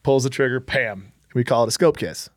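A man hosts a casual interview in a mid-range voice, recorded dry and close. He reacts quickly to his guest and laughs easily as he chats. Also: mid-range voice, no room sound. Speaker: podcast host.

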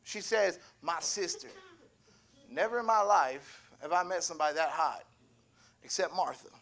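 A young man giving a sermon, humorous and animated, acting out little voices in his asides. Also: on the high side, normal speed. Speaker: preacher.

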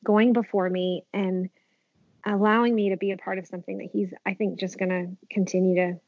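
A woman in her thirties, a podcast guest, telling stories in an animated, heartfelt way with many restarts. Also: medium pitch, a little fast, breathy edge, dry recording. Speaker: podcast guest, wellness community founder. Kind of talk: casual interview chat. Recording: dull, slightly muffled podcast audio.

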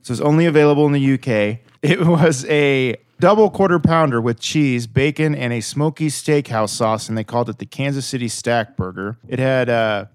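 A man's voice: mid-range voice, normal speed, few pauses, smooth, no room sound, studio quality. A man from the United States hosting a casual podcast, chatty and reading news stories aloud. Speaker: podcast host.

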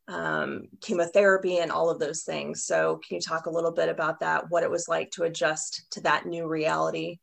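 A woman's voice: low-pitched, level tone, moderate pace, vocal fry, hardly any pauses. A woman host of a podcast interview, speaking with emotion and on the edge of tears as she praises her guest. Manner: emotional, warm-hearted praise, near tears.

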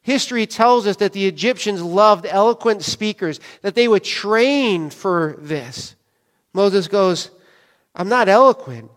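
Speaking in a high, unhurried voice, a male pastor preaches in a chatty style and keeps asking his congregation questions. A church hall's long reverb trails each phrase.

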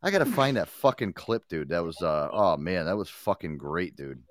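Profane male host, low voice that swings up and down, close dry mic. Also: very animated, normal speed, dry recording. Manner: profane, boisterous, laughs often. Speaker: podcast host. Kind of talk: crude casual chat.

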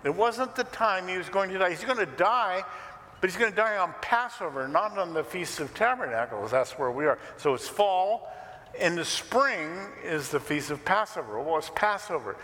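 A male pastor delivers a sermon with a lively, swooping delivery and a bright, forceful tone. His voice sits a bit high and rings out with long hall reverb. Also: normal speed. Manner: animated, conversational, joking asides. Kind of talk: expressive sermon teaching.

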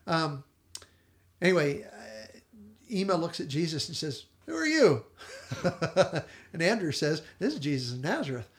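A man co-hosting a podcast, animatedly retelling a TV episode and quoting the characters in quick little voices. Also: on the high side. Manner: animated storyteller, quotes characters in brief voices, laughs often. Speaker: podcast co-host.

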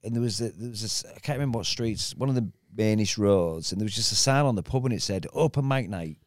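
A man's voice: lowish voice, fast, dry recording, clean studio sound. A man, a guest comedian telling rambling stories in casual podcast chat and acting out the other people in them. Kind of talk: casual storytelling.

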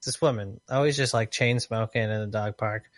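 A man chatting casually on a podcast, telling an animated, joking story. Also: fairly low pitch, fairly quick, no echo, studio quality.

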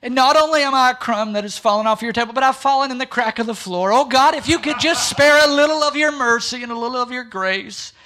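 A man's voice: very high-pitched, fast, hardly any pauses, bright, forceful tone, pitched above the performer's own voice. A man voicing an old male churchgoer who prays in grovelling, old-fashioned language. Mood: pleading.

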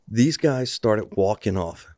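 A man who owns a rodeo arena, telling a lively story in casual podcast chat and acting out what people said. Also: fairly low pitch, slow, no echo, studio quality. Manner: animated storyteller acting out quotes.

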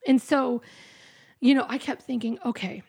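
A woman's voice: on the high side, moderate pace, a little mellow. A middle-aged woman telling her personal story as a podcast guest, candid and emotional, often quoting her own past thoughts. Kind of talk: personal testimony interview.

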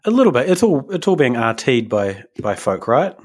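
A man's voice: mid-range voice, big pitch swings, normal speed. A man co-hosting a casual podcast chat, rambling and hesitant, with lots of fillers and restarts. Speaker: podcast co-host.

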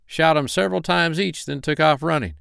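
Give me a man playing a crooked city detective, guarded and curt, with a crisp, dry storybook sound. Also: on the high side, brisk, fairly bright tone, no room sound, voice pushed up. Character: corrupt scheming male big-city detective.

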